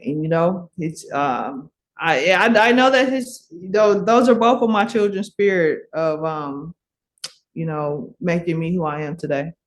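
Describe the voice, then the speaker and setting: A woman's voice: fairly low pitch, a little slow. A middle-aged woman from Milwaukee tells her story as a podcast guest. Her talk is loose and casual, full of fillers and restarts, and she keeps breaking into laughter as she goes. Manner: animated, laughs often, many fillers and restarts.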